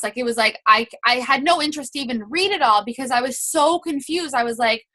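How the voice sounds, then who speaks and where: Young woman team leader, casual coaching talk; bright and a bit high, chatty, acts out example messages. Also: lively intonation, fast. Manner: chatty, many fillers, acts out quoted messages.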